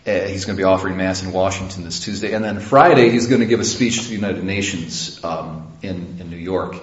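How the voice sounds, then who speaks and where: A man's voice: lowish voice, echoey room, muffled recording. A man, a priest, preaching a homily in a conversational way, with many fillers and restarts. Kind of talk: sermon. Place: church.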